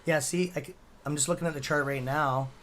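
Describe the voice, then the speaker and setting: A man's voice: fairly high pitch, fairly even intonation, brisk, fairly bright tone, slight background noise. A man hosting a casual live stock-trading stream, rambling and chatty with a sore throat, swearing now and then.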